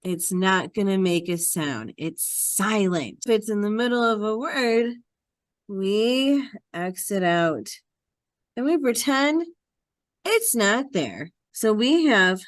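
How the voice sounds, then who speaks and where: A woman's voice: medium pitch, lively intonation, slow, no echo, clean studio sound. A woman who teaches Hebrew, explaining a reading lesson step by step in a patient, repetitive classroom manner.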